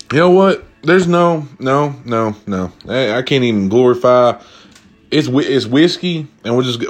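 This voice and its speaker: A young man telling a story to his viewers, profane and slangy, ranting in an animated way as he drinks. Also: medium pitch.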